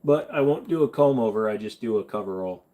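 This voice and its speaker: A young man hosts a casual live stream, reading out comments and firing back bluntly, with a lot of swearing. His voice sits a little low for a man. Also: animated, a little fast, mellow, slight background noise. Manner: blunt, profane, wisecracking.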